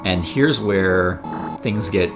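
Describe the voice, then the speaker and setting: Low-voiced guy hosting a podcast, rambly and jokey, lots of likes. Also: takes it slowly, music in the background. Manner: loose and jokey, lots of filler words. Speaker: podcast host. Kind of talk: casual storytelling chat.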